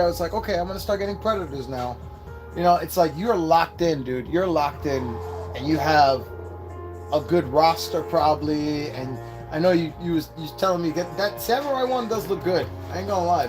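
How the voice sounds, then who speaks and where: A man's voice: fairly high pitch, darkish tone. A man hosting a casual live unboxing, rambling and swearing as he chats with his viewers. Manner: rambling, profane, chatty with viewers. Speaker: host. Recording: clear background music. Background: music.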